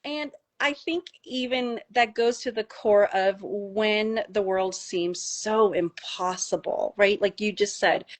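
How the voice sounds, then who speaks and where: A middle-aged woman from the United States, a doctor telling a personal story in casual conversation, animated and rising high when she gets emotional. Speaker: doctor and podcast guest.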